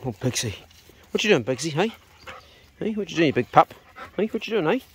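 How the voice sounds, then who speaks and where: A man's voice: fairly high pitch, sing-song, a little fast, a little hiss or hum. A man, talking in a casual vlog on a rural farm, coaxing and commanding his dogs and ducks. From New Zealand. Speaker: vlogger.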